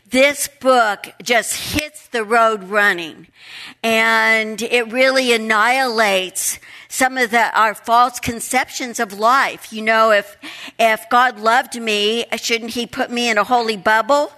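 A middle-aged woman teaches a Bible study in a slow, deliberate delivery. Her voice is bright and forward. She leans on key words, often repeating them for emphasis. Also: a little high, fairly even intonation. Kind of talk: Bible study lesson with prayer and scripture reading.

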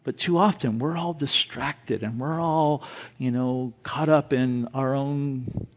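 Speaking at a slow pace with a medium pitch, a male pastor preaches, moving between relaxed, chatty asides full of easy laughter and loud, fervent climaxes.

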